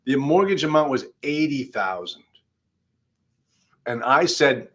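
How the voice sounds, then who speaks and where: A man's voice: medium pitch, lively intonation, slow, long pauses, fairly bright tone. A man, an attorney, hosting a live online law class in a conversational, emphatic way, speaking straight to his viewers. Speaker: attorney host. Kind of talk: livestream legal class.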